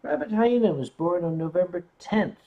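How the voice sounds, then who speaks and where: A man's voice: high-pitched, lively intonation, moderate pace, vocal fry, lo-fi sound. A middle-aged man hosting a live stream, reading viewer comments aloud in a teasing, chatty way. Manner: teasing, chatty, stumbles on words. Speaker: host.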